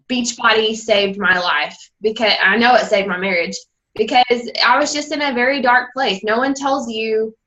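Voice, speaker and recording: A woman's voice: medium pitch, sharp tone, lo-fi sound. A young woman on a team call who tells her personal story candidly and rambles a little, acting out the people she quotes. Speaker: guest speaker and fitness coach.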